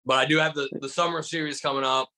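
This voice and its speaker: Fast and fairly high-pitched, a young stand-up comedian from Michigan chats as a podcast guest, animatedly telling stories and using "like" constantly. The audio is poor.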